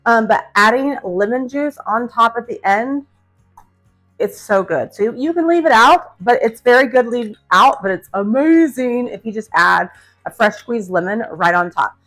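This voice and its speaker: A woman's voice: a little high, a bit bright. A middle-aged woman hosting a casual cooking demonstration in her home kitchen, chatty and upbeat, talking to her viewers. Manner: chatty, upbeat, addresses viewers as guys and friends. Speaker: cooking channel host.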